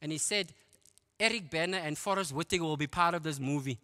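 A middle-aged South African man, a guest speaker, tells his testimony to a church men's conference in a church auditorium. His storytelling is lively and full of quick asides, and his slightly high voice sounds bright and forceful, ringing with the long reverb of a large hall.

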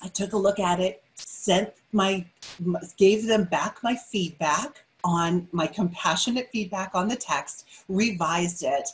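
A middle-aged woman speaks at a steady, middle pitch, giving a motivational webinar talk. She sounds energetic and emphatic and comes back to her key phrases again and again. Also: slow, rough recording.

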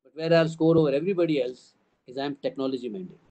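An older man with an Indian English accent addresses a room of parents, his voice pitched high. He talks emphatically, listing ideas in repeated phrases and throwing out rhetorical questions. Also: quick pace, warm tone, highs cut off. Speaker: school trust CEO addressing parents. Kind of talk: town hall address.

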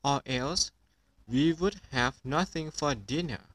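A man's voice: mid-range voice, slow pace, a bit bright, dry recording. A man reading as a grateful mother sheep.

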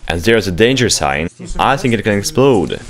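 A man hosting a vlog, giving excited running commentary as he explores an abandoned underground laboratory, exclaiming and urging others along. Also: on the low side, normal speed. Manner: exclamatory, urgent, bossy when hurrying others.

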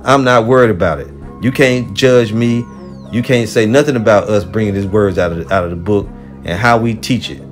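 A man's voice: fairly low pitch, a little fast, faint music behind. A man teaching scripture in a heated, profane sermon, rebuking listeners angrily and swearing constantly. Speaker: religious teacher.

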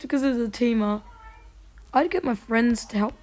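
On her gaming channel, a woman with a slightly high voice talks at a normal speed through casual gameplay commentary, punctuated by excited and frustrated outbursts.

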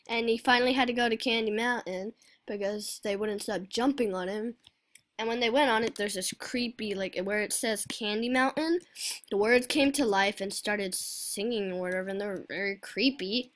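A woman's voice: medium pitch, normal speed. A woman giving casual, rambling gameplay commentary full of fillers as host of her own channel. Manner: rambling, forgetful, filler-heavy.

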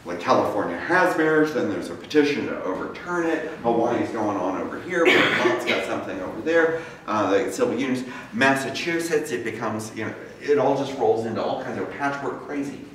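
A man's voice: medium pitch, animated, fairly quick, few pauses, fairly bright tone. A man giving a talk to an audience, telling his story in a casual, conversational way and acting out the voices of people he quotes. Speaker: guest speaker. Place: large campus lecture room. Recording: very echoey room, speaker far from mic, faint noise.

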